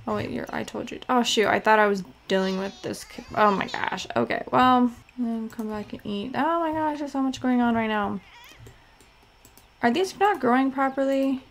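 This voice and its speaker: A woman's voice: a little high, normal speed, creaky. A young woman casually commenting as she plays a life-simulation game, chatty and scattered, bossing her game characters around. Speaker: let's play host.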